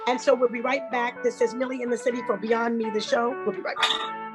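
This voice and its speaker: A woman in her forties hosts a radio talk show, gushing with enthusiasm as she talks with her guest. Her voice sits fairly high, and faint music plays behind her. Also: flat delivery, quick pace, rough recording. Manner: effusive, enthusiastic. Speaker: host.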